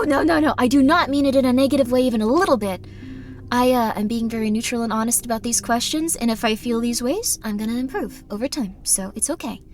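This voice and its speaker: A woman streaming a game live, talking to chat in a rambling, earnest and apologetic way. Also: high voice.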